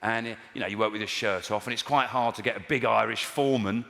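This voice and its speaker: A man's voice: lowish voice, quick pace, vocal fry. A man doing a wry, rambling stand-up routine on stage in a big theatre. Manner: wry, rambling, puts on silly voices. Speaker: stand-up comedian. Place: large theatre with an audience. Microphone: stage microphone. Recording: echoey live hall, loud audience laughter.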